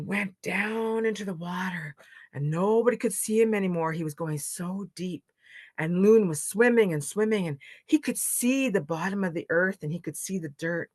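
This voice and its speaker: A woman's voice: fairly low pitch, moderate pace, no echo. A woman from Canada telling a traditional legend as a storyteller, with dramatic rises and falls. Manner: expressive, dramatic dynamics. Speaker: storyteller, knowledge keeper. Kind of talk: oral storytelling to an audience.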